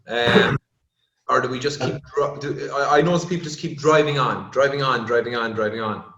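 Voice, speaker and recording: A man's voice: mid-range voice, normal speed, lo-fi sound, noisy background. A man hosting a podcast interview asks hesitant, meandering questions. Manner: hesitant questions with fillers and restarts. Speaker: podcast host, vet. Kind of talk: casual interview conversation. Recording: roomy echo.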